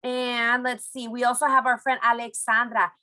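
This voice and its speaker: A woman teaching Spanish phrases to young students in a recorded online lesson, encouraging them and modelling phrases slowly. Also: on the high side, flat delivery, sharp tone, rough recording.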